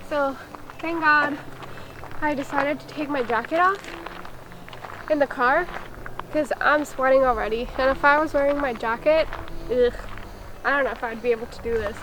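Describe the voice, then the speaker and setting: A woman's voice: sits high, moderate pace, pauses often, noisy background. A woman filming a casual vlog outdoors on a steep forest trail, out of breath and chatty, poking fun at herself. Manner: breathless, chatty, self-deprecating. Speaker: vlogger.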